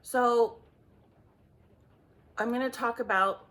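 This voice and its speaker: Slow, intense woman psychic medium. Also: on the high side, a bit bright. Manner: intense, halting, restarts often, angry bursts. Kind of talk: emotional spoken monologue. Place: home.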